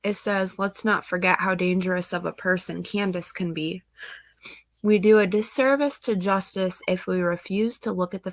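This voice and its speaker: A woman's voice: medium pitch, dry recording. A woman reading out news reports on missing children and commenting on them, emotional and sighing, close to tears. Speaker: true crime channel host.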